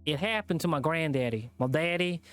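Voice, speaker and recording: A gruff hillbilly animal thug, as a man puts him on for a visual novel reading, pitched a little above the reader's own voice. He talks slow and heavy, leaning on each threat. Faint music plays underneath. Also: animated, fairly bright tone. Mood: menacing.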